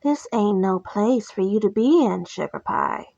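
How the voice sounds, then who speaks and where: A woman's voice: medium pitch, animated, measured pace, gravelly, no room sound. A woman putting on a silky Cajun demon hostess. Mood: teasing. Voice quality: soft, silky, sweet-talking. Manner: purring, teasing and threatening. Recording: slightly muffled with soft music.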